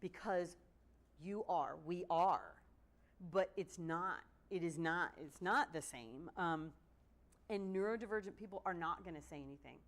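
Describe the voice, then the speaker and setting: A middle-aged woman giving a casual, animated lecture at a training session, often acting out the excuses people give. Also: fairly low pitch, a little slow. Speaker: presenter at a court training session.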